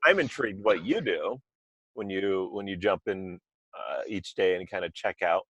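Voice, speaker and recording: A man's voice: low voice, animated, moderate pace, fairly bright tone, breathy edge, dry recording, lo-fi sound. A man hosting a podcast in casual chat, talking loosely with asides and restarts over a remote call microphone. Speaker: podcast host.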